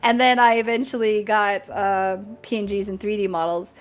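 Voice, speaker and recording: A chatty woman talks casually on a streamed creator chat, upbeat and laughing easily. Her pitch sits right in the usual middle range for a woman. She sounds like she is talking into a streaming mic. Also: fairly even intonation, normal speed. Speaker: guest content creator.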